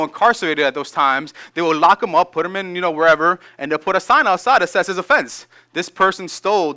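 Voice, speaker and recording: In this sermon, a high- and bright-voiced pastor first reads scripture steadily, then shifts into lively, informal explaining.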